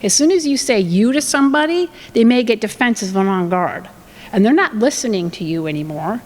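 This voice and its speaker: A woman's voice: fairly high pitch, animated, fairly quick, in a large hall, poor audio. A woman giving a talk on family communication in a conversational way, acting out what parents and children say. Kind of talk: presentation with acted examples.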